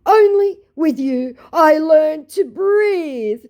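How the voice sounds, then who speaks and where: A woman voicing a lovesick, pleading adult male scammer in a whiny, drawn-out voice with broken English. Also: sits high, animated, dark tone, pitched above the performer's own voice, heavily acted.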